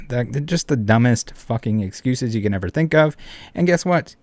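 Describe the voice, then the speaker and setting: A man's voice: medium pitch, animated, moderate pace, darkish tone, no room sound. A man hosting an online commentary video, ranting in an indignant, profane, emphatic way. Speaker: commentary channel host.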